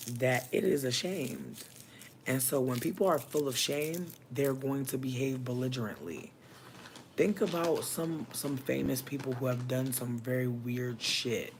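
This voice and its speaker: A livestream host speaking straight to viewers and chat in an impassioned, preachy monologue, heavy with profanity, the pitch jumping up sharply for emphasis. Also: gravelly, darkish tone, slight background noise. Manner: addresses viewers and chat directly. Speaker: livestream host giving readings.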